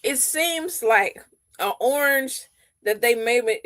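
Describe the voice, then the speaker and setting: A woman's voice: a little high, expressive, slow, a bit bright. A woman co-hosting a casual online chat, chatty and playful, often laughing. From Texas. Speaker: co-host.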